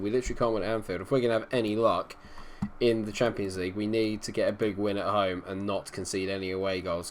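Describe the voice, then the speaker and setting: A young gaming commentator talks casually over his football management game, sounding frustrated. He mutters quietly most of the time but shouts when his team scores.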